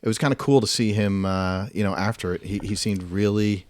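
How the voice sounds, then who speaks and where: A middle-aged man co-hosting a casual sports talk show, relaxed and rambling, teasing his co-host. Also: on the low side, a little fast.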